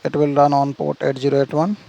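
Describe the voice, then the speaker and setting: A man's voice: fairly high pitch, monotone, brisk, vocal fry, warm tone, low-quality recording. A man teaching programming in a screen-share tutorial, walking through steps and checking in with "see" and "right?". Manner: explains step by step, repeats "see" and "right?", frequent restarts.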